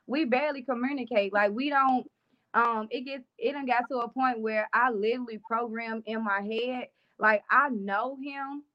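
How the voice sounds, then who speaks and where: A woman's voice: on the high side, fairly bright tone, highs cut off. A young adult woman, telling her personal story casually as an interview guest, with many trailing fillers.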